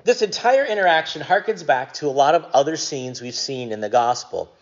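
Guy giving a casual jokey sermon, kinda high voice, dull lo-fi sound. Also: expressive, fairly quick. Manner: conversational, jokey, many ums. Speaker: pastor. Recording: dull lo-fi recording.

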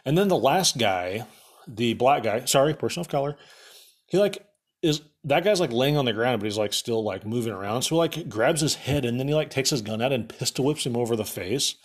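A man's voice: mid-range voice, animated, fairly quick. A young man casually recapping a movie for laughs, rambling with lots of fillers and sarcastic asides.

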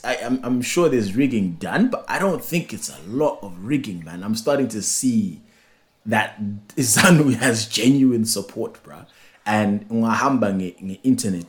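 A young man chatting casually as a podcast co-host, rambling with many fillers and restarts. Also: lowish voice. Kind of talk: casual chat.

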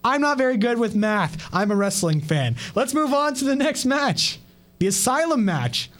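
A man's voice: extremely high pitch, big pitch swings, normal speed, a bit bright. A man co-hosting a podcast, chatting casually and wryly about a wrestling show, often stammering and restarting. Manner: stammers and restarts, wry and joking. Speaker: podcast co-host.

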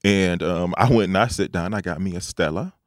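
A man's voice: low-pitched, brisk, no room sound, clean studio sound. A man co-hosting a casual chat, telling a story with lots of acted-out quoted dialogue. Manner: animated storyteller who acts out quoted dialogue.

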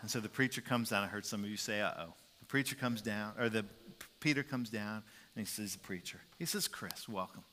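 A man's voice: lowish voice, quick pace, sharp tone, a little hiss or hum. Emphatic male pastor preaching in a hall. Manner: emphatic, repeats key phrases, some restarts. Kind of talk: sermon.

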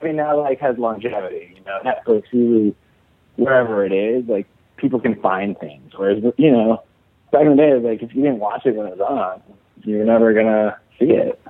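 Man, husky, fairly low voice, rambling with fillers, tinny phone-like sound. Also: a little fast, dry recording. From Chicago, USA. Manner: rambling, many fillers and restarts. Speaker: actor, interview guest. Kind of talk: casual interview chat. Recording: dry, tinny phone-like audio.

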